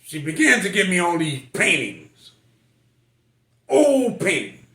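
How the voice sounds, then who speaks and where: A man's voice: sits high, wildly swooping pitch, slow pace, fairly bright tone, reverberant. An older man, a military veteran, telling personal stories in a folksy, emotional way. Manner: folksy, emotional storytelling with quoted voices. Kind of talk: personal storytelling.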